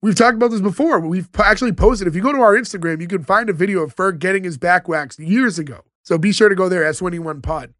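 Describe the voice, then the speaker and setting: A man's voice: sits high, fast talker, few pauses, a bit bright, no room sound, studio quality. A man co-hosting a podcast in casual chat, retelling scenes and acting out quoted lines. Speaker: podcast co-host.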